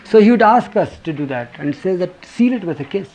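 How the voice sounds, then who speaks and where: A man's voice: high voice, lively intonation, a little fast, darkish tone. A man giving an informal talk to a group, telling stories, quoting his teacher and putting questions to the listeners. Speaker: speaker recounting a spiritual teacher's words. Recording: dull lo-fi tape with faint hiss.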